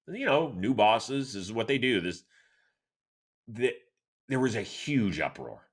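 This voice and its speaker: A middle-aged man from Cleveland hosting a solo sports show, answering listener questions in an animated, chatty storytelling way. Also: slow pace, pauses often, breathy edge. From Cleveland, Ohio, USA. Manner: animated, chatty storyteller with lively swings in pitch. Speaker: host.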